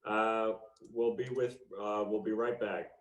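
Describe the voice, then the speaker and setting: A man's voice: fairly low pitch, level tone, measured pace. A man doing improv comedy as a small-town sheriff on a video call, chatty and cheery. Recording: echoey room, far from the mic.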